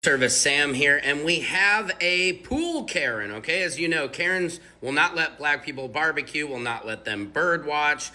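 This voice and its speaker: Bright, sarcastic man commentator. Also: fairly high pitch, moderate pace, few pauses. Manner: sarcastic, mocking, animated. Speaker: online commentator.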